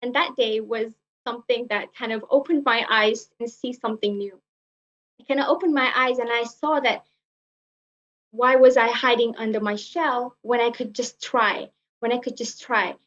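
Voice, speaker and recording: A woman's voice: a little high, steady tone, normal speed, a bit bright. A young woman giving a prepared personal speech at a speaking club, earnest, often repeating herself and using fillers. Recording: muffled lo-fi recording.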